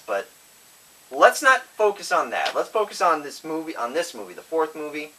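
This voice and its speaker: A man giving a casual, rambling movie review, going off on tangents, correcting himself, and getting loud and excited when he makes a point. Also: on the high side, normal speed, distant mic, a little hiss or hum, rough recording. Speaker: film reviewer.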